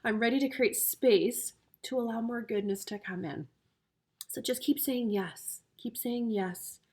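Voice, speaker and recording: A woman's voice: a little high, unhurried, a little mellow, slightly rough. A woman reading tarot cards for her viewers as a coach, gushing and emotional, easily moved to tears. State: tearful.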